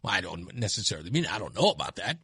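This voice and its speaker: A man's voice: sits low, sing-song, racing, pushed and bright, husky, no echo. A man hosting a talk radio show, speaking bluntly and emphatically into a studio microphone, repeating his points for effect. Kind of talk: opinionated talk radio monologue.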